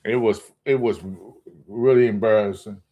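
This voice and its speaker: A man ranting in a casual sports vlog, profane and animated, jumping up into high exclamations. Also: moderate pace, highs cut off. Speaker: sports vlogger.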